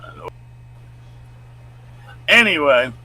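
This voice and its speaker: A man co-hosting a live stream, chatting casually and reading out news stories in a loud, booming voice. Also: huge pitch swings, slow, rough recording. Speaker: co-host.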